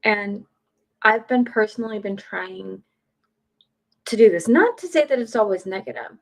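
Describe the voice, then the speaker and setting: Casting: outspoken woman streamer, gravelly edge, casual and profane. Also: mid-range voice, animated, normal speed, low-quality recording. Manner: blunt, swears freely, chatty and opinionated. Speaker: streamer, podcaster. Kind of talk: casual live-stream chat. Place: home.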